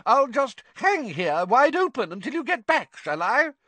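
A man voicing an irritable female talking portrait, sarcastic and huffy, in a high put-on voice. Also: very animated, measured pace, pushed and bright, dry recording, heavily acted.

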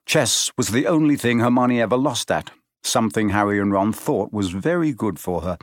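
A man reads an audiobook in a calm, even storytelling style. His voice sits on the low side, and the recording is clean studio quality with no room sound.

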